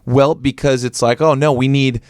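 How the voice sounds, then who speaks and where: A man's voice: mid-range voice, steady tone, moderate pace, darkish tone, smooth, no echo, studio quality. A man interviewing a guest in a casual podcast, listening closely and adding short reflections. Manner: attentive, backchannels with short "mm-hmm"s. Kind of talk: conversational interview.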